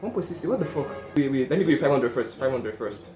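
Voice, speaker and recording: A man talks casually to camera, swings between pleading, counting and swearing, and gets excitable. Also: a little high, quick pace, hardly any pauses, reverberant, faint music behind. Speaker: gambling vlogger. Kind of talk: casual narration and live reactions.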